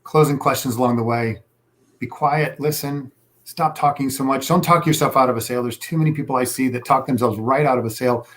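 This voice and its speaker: A man's voice: medium pitch, steady tone, fairly quick, fairly bright tone. Man, sales coach, emphatic, repetitive advice, mid-range voice. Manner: emphatic, repeats key advice, acts out customer quotes. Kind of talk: conversational interview advice.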